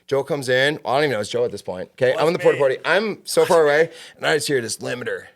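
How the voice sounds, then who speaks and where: A man talks as a podcast guest, animated and profane as he tells his story. His pitch sits in the middle, and he jumps into loud, acted-out quotes. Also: rapid-fire. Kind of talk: casual storytelling chat.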